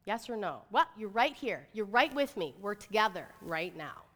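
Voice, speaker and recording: Bright-voiced woman giving an upbeat talk. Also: mid-range voice, moderate pace. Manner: chatty, animated, says "like" and "right?" often. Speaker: motivational speaker. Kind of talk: inspirational talk to an audience. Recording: reverberant hall.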